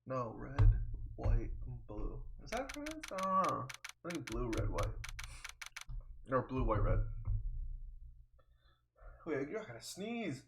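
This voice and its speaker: A man's voice: medium pitch, sing-song, takes it slowly, gravelly, long pauses, noisy background. A man streaming a video game with casual, rambling commentary, thinking aloud and joking about himself between coughs. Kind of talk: casual let's-play commentary.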